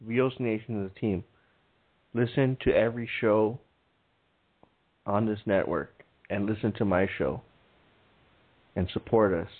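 A man's voice: lowish voice, a little slow, long pauses. A man hosting a comedy podcast, rambling and joking with plenty of swearing. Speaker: podcast host. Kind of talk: casual comedic rant. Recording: phone-like lo-fi with faint music.

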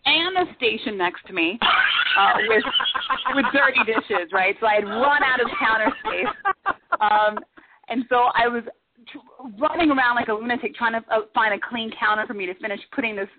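A woman guest on a radio talk show, telling a story in a lively, casual way and acting out shouted quotes. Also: fairly high pitch. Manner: animated, acts out shouted quotes. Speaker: guest, former cooking show contestant. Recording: tinny phone line, faint hiss.

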